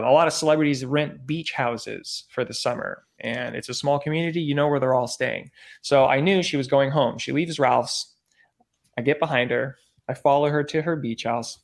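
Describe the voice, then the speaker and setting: A man's voice: medium pitch, creaky. A young man telling a story casually, acting out dialogue with lots of filler words and swearing. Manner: animated, acts out quotes, frequent "like" and swearing. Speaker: former celebrity photographer.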